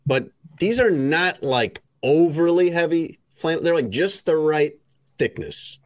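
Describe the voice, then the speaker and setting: A man's voice: on the high side, animated, a little slow, dry recording. A man hosting a casual podcast chat, teasing his co-hosts and reading an ad in an easygoing way. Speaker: podcast host.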